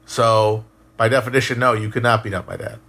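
A man casually talking on a live stream and answering chat, musing out loud, swearing now and then, with frequent restarts. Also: mid-range voice, level tone, a little fast. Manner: rambling, musing, profane, many restarts.

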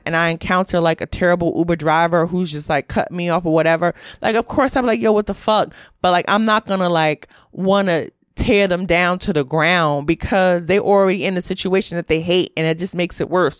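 Candid storytelling woman, low and dry. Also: fairly quick, hardly any pauses, dry recording. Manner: candid, profane, heavy use of "like". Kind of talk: casual storytelling monologue.

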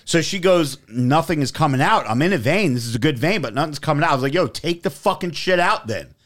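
Animated profane young man storyteller. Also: fairly high pitch, fast talker, few pauses. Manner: profane, animated, acts out quotes. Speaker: podcast host telling a story. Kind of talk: casual storytelling chat.

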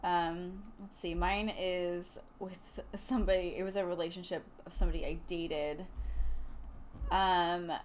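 A woman co-hosting a podcast, telling a personal story in casual chat, animated and swearing freely. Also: fairly low pitch, a little slow, slight background noise. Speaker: podcast co-host.

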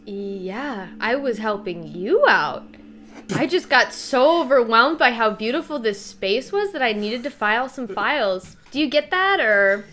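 Woman goofing around in character in a tabletop game, bright kinda high voice, says like a lot. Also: expressive, a little slow. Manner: rambling, lots of like, playful. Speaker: player.

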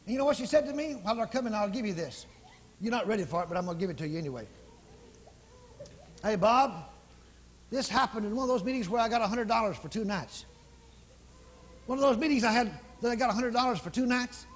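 A man preaching a fervent revival sermon, calling people forward and praying over them in a husky voice. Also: high voice, lively intonation. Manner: fervent, shouting praise, rapid calls to come forward. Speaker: evangelist. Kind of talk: revival sermon with healing prayer. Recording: live in a large hall with long reverb.

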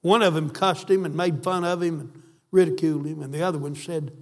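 A man's voice: on the high side, fairly even intonation, a little fast. A man preaching a sermon, fervent and emphatic, repeating phrases for stress. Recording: echoey hall.

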